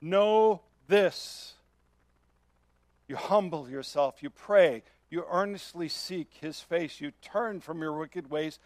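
A man's voice: fairly high pitch, slow, a little mellow, dry recording. A man preaching a sermon as pastor, earnest and emphatic, often asking his listeners questions.

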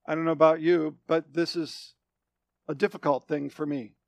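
A man preaching a sermon, repeating phrases for emphasis and asking the congregation questions, moving between loud declarations and hushed, low lines. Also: little pitch movement, moderate pace, gravelly, dry recording. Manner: asks the congregation questions directly. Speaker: pastor.

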